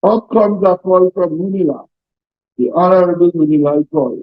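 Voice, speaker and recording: An older Trinidadian man with a high-pitched voice addresses a union seminar, hammering points home through repetition and folksy stories. The sound is dull and lo-fi, and very dry. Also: normal speed, no room sound. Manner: emphatic, repetitive, folksy storytelling. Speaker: trade union president. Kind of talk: seminar speech with anecdotes.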